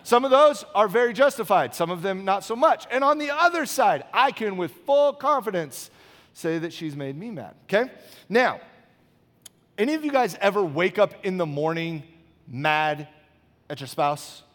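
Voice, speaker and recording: High-voiced male pastor preaching in a reverberant hall. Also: very animated, normal speed, a bit bright. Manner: conversational, storytelling, frequent "okay?" check-ins. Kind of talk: sermon.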